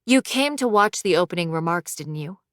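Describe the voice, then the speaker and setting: A woman's voice: fairly low pitch, animated, fairly quick, no room sound, clean studio sound, natural voice. A woman voicing a guarded, prickly young woman sharpshooter who speaks curtly, in an audiobook. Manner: guarded, curt. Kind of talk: audiobook dialogue.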